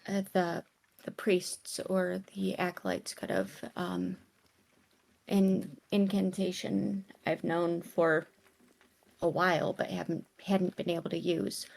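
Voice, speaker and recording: Woman roleplaying her character, super slow, hesitant, kinda gravelly. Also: fairly low pitch, a little mellow. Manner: hesitant, halting, many restarts and pauses. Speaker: player. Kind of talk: in-character tabletop role-play.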